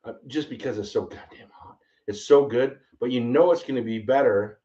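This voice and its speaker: A man hosting a casual bourbon tasting, excitable and rambling, exclaiming often. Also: medium pitch, moderate pace. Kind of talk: casual livestream tasting chat. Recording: slightly distant, dull lo-fi mic.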